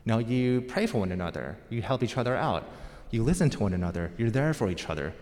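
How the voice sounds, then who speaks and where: A man's voice: lowish voice, animated, fast, a little mellow. An American man preaching a sermon as pastor, in a conversational storytelling manner. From United States. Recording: long hall reverb.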